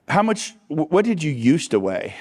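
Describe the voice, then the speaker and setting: A middle-aged man with a fairly high voice gives an energetic motivational talk from a stage. He speaks in short, punchy bursts and keeps quizzing and teasing his audience. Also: moderate pace. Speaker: real estate coach on stage.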